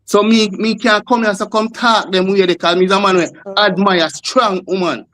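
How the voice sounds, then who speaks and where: A man's voice: high voice, steady tone, moderate pace, a bit bright, dry recording. A man with a Jamaican accent arguing on a discussion panel, repeating himself and calling others "brother". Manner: repetitive, insistent, keeps saying "brother". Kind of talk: heated panel debate.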